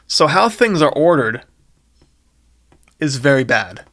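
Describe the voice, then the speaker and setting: An animated young man reads from an old book he wrote, breaking off for wry, casual commentary. His pitch moves a lot, from excited highs down to dry mutters. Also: slow, long pauses. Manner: animated, wry asides while reading. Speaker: YouTuber reading his childhood book aloud.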